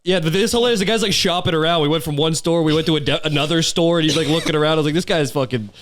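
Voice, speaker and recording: A young man co-hosting a podcast in casual chat, who swears freely in his stories and keeps chiming in with quick agreement. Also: fairly high pitch, a little hiss or hum. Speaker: podcast co-host.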